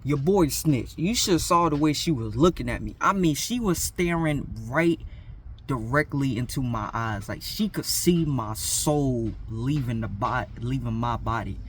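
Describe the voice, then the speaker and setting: A man's voice: mid-range voice, animated, a little slow, slight background noise. A young man telling a school story in a casual, slangy, self-mocking way. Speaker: vlogger.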